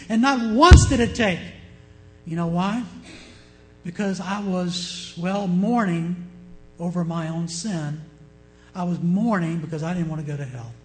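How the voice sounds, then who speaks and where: High-voiced impassioned preaching man. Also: poor audio. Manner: impassioned, swings from loud to hushed. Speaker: pastor. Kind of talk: sermon.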